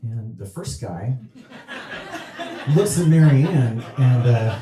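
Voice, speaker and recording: An actor playing an awkward male horror writer doing stand-up, telling a joke in a halting, deadpan way on a small theatre stage. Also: mid-range voice, noisy background. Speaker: stand-up comedian. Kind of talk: stage play, stand-up routine. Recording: echoey theatre room.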